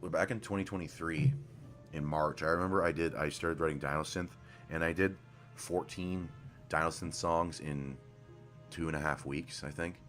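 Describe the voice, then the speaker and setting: A man with an extremely deep voice rambles through casual live-stream commentary at his computer mic. He swears freely and trails off into mumbled asides. Faint game music runs underneath. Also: fairly even intonation, moderate pace, a bit bright.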